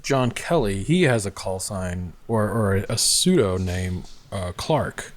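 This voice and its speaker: A man's voice: lowish voice, expressive, a little slow. A man chatting casually, rambling through his theories with lots of fillers. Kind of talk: casual chat.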